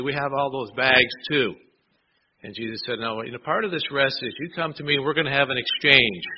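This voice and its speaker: A man's voice: mid-range voice, highs cut off, noisy background. Man preaching with rhetorical questions. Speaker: pastor. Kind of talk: sermon.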